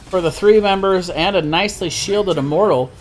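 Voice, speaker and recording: A man doing live play-by-play commentary on an esports match, steady with frequent self-corrections. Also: high-pitched, normal speed, a little hiss or hum. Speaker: esports caster.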